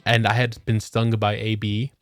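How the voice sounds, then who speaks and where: A man streams a video game, chatting casually with viewers in profane, joking banter full of swearing. His voice sits on the low side with a flat delivery and a moderate pace. The sound is clean studio quality with no echo.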